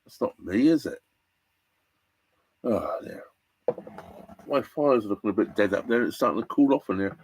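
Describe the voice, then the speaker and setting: A man from England live-streaming from inside his narrowboat, chatting in a rambling way with restarts and lively bursts. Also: fairly low pitch, fast talker, hardly any pauses, a little hiss or hum. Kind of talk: casual live-stream chat.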